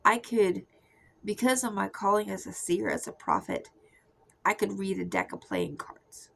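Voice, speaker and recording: Soft-spoken woman with vocal fry. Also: mid-range voice, wildly swooping pitch, unhurried, rough recording. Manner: soft confessional, often drifting into a whisper. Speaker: Christian testimony speaker. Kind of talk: personal testimony monologue.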